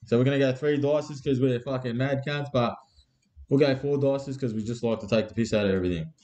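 A man's voice: medium pitch, brisk, warm tone. An Australian man hosting a live card break, with crude, laddish banter and constant swearing.

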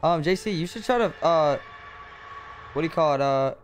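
A man's voice: a little high, moderate pace, slight background noise. A young man streaming a game, chatting casually with slang and explaining rules to friends on a headset mic. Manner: relaxed, slangy, confused at times. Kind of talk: casual gaming chat.

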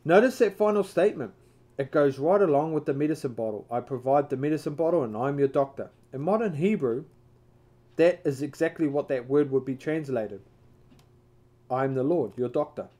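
A man leading a Bible study, reading a devotional book aloud in a measured way, now and then stumbling and correcting himself. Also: on the high side, lively intonation, mellow.

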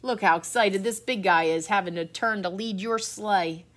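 A woman's voice: mid-range voice, normal speed, close to an everyday voice. A woman voicing Rudolph, an earnest, thoughtful reindeer, in a storybook read-aloud.

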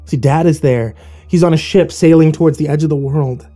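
A man's voice: fairly high pitch, brisk, dark tone, soft background music. A man narrating a horror story in the first person, with dramatic scripted delivery.

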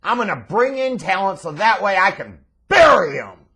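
A smug wrestler bragging about himself, full of insecurity, as a man mocks him. The voice sits very high and sneers at every turn. The delivery comes louder and more pushed than plain talk. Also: sing-song, normal speed, breathy edge, full character voice, rough recording. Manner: mocking, sneering first-person parody.

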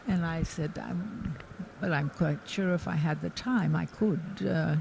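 A woman's voice: sits low, unhurried, gravelly, darkish tone, a little hiss or hum, rough recording. Older woman telling chatty stories. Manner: chatty, laughs often, restarts sentences. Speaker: interview guest, actress. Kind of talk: casual anecdotal storytelling. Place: convention floor.

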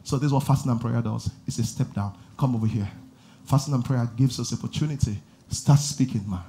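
A man preaching a sermon as pastor, asking the congregation questions and building to shouted passages. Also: mid-range voice, a little fast, slight background noise.

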